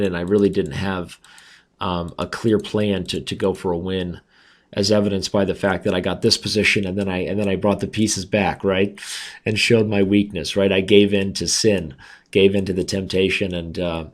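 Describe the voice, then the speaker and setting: A man with a raspy voice giving chatty, self-mocking commentary on his own chess games as he plays. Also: low voice. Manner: chatty, self-mocking, talks through moves aloud. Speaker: chess streamer. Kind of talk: casual commentary while playing online.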